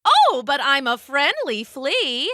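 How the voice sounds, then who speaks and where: A woman's voice: high voice, huge pitch swings, slow pace, bright, forceful tone, no echo, studio quality, voice pushed up, full character voice. Woman doing a chirpy friendly flea. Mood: cheerful. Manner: chirpy, salesy. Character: cheerful friendly female flea.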